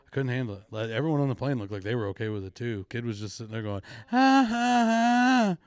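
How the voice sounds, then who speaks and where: A man's voice: lowish voice, steady tone, rapid-fire, darkish tone, clear, resonant tone, dry recording. A young man from Missouri co-hosting a comedy podcast, telling travel stories in a laid-back, wry way. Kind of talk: casual comedic chat.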